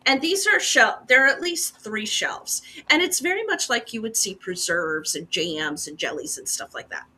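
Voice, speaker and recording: A woman's voice: mid-range voice, lively intonation, bright, forceful tone. A woman narrating a tabletop game as game master, describing the scene to the players. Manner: descriptive, unhurried, second-person scene-setting.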